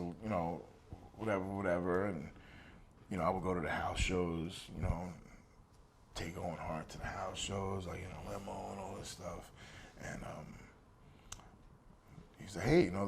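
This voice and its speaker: A former wrestler from New Jersey, appearing as an interview guest, tells a long casual story and recounts old conversations while swearing freely. His voice is deep and gravelly, with faint background noise in the recording.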